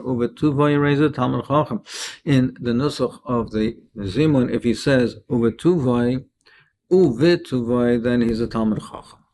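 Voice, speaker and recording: A man's voice: mid-range voice, a little mellow, a little hiss or hum. A man teaching a daily Talmud lesson, explaining each Aramaic phrase and translating it.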